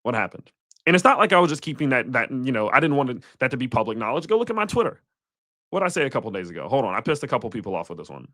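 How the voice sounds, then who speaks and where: A man hosting a live crypto market stream, talking in a blunt, animated and profane way. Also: mid-range voice, rapid-fire, no room sound, clean studio sound. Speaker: crypto livestream host.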